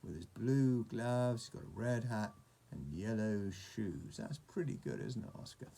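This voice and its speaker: A man reading a picture book aloud to a child, pausing to point at pictures and ask questions. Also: on the low side, animated, vocal fry, slight background noise. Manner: gentle asides, asking the child questions.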